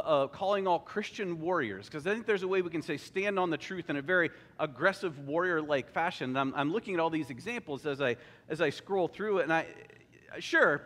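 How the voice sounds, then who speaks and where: A man's voice: a little high, fairly bright tone. A man preaching a sermon in an earnest, conversational way. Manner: conversational, earnest, with sung quotes. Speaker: pastor. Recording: long hall reverb.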